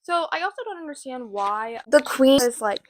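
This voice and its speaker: A woman's voice: high voice, lively intonation, normal speed, noisy background. A woman hosting a casual book recap, talking in a rambling, chatty way with self-mocking asides. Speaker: host.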